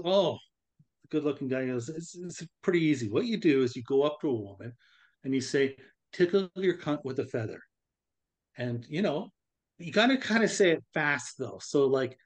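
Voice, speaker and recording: A man co-hosting a casual podcast, telling a joke and acting out the voices in it. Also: a little high. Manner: animated storyteller, acts out voices. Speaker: podcast co-host.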